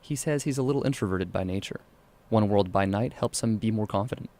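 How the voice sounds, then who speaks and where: A man narrating a scripted radio news feature as a reporter, in a measured, even delivery. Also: lowish voice.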